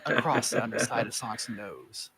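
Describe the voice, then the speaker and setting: Brief: man, medium pitch, dramatic comedic narration, trips over words and corrects himself. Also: big pitch swings, normal speed, very noisy. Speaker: reader. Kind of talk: comedic fanfiction reading.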